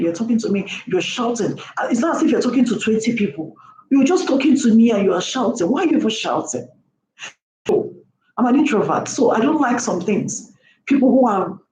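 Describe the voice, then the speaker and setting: A woman's voice: a little high, animated, brisk, darkish tone. A woman delivers a passionate vlog monologue. She lectures the listener and hammers home her points with repeated rhetorical questions. Her voice bounces around a roomy space over a faint background hum. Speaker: vlogger. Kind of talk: impassioned opinion monologue.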